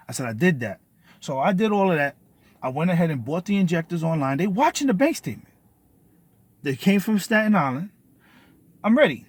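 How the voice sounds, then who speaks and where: Man ranting on a vlog, fast and profane, slightly high voice, dry close sound. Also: very animated, breathy edge, dry recording. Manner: agitated, cursing, repeats words. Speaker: vlogger. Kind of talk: profane storytelling rant.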